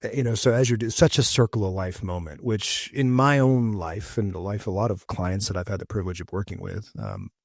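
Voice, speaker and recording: Low-voiced man hosting a podcast. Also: vocal fry, dry recording, studio quality. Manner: reflective, personal, pauses to think. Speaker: podcast host. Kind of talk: casual interview chat.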